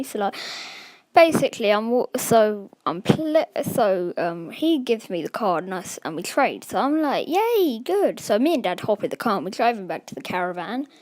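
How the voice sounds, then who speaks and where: A woman's voice: medium pitch, darkish tone, dry recording. A woman telling a casual storytime vlog, rambling and full of "like" and "um" fillers. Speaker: vlogger.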